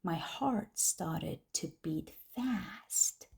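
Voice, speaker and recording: A woman narrating a first-person story slowly and deliberately for English learners. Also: on the low side, expressive, mellow. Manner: slow, clear, deliberate reading.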